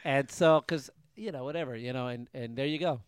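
A man's voice: medium pitch, fairly quick, clear, resonant tone, no room sound. Rambling man podcast host, dry sound. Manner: talkative, rambling with restarts. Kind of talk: casual banter. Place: garage.

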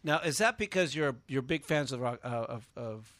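A man co-hosting a casual talk show, easygoing and quick to laugh as he asks questions. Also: medium pitch, lively intonation, fairly bright tone, no room sound. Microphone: studio mic.

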